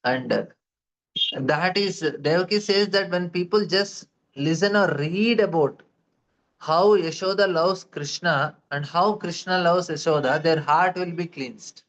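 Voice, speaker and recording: A man's voice: sits high, unhurried, a bit bright, low-quality recording. A man teaching a devotional class, retelling scripture stories with frequent hesitations.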